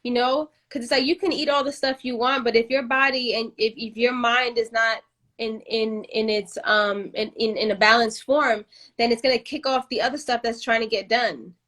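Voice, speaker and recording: A woman with a somewhat high voice talks passionately in a casual podcast chat. She rambles and often restarts her sentences as she works through her ideas. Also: steady tone, moderate pace, fairly bright tone. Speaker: podcast host.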